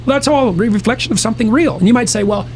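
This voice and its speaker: High gravelly man, lecturing hard. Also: very fast, a little hiss or hum. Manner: lecturing, emphatic, argumentative. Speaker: podcast guest. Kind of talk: podcast conversation.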